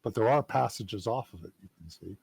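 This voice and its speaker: A man running a tabletop game as game master, narrating scenes and answering players in a calm, measured way. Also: lowish voice, creaky, slightly rough.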